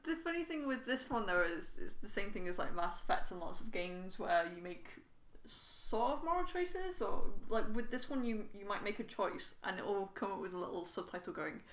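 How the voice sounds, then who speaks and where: A woman's voice: animated, moderate pace, fairly bright tone. A woman co-hosting a podcast, talking casually and laughing often, with her voice rising when she acts out game characters. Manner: chatty, laughing, goes high when quoting characters. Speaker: podcast co-host. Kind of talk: casual chat. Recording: roomy echo.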